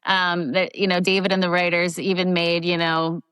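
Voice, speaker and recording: A middle-aged woman from the Philadelphia area, guest on an interview show, telling candid behind-the-scenes stories in a lively way. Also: normal speed, clean tone, dry recording. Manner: animated, jumps into high voices when quoting people. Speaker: guest actress.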